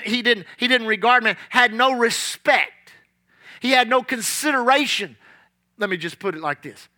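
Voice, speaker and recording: High, bright-voiced preacher man. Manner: emphatic, repeats key lines, storytelling. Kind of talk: sermon.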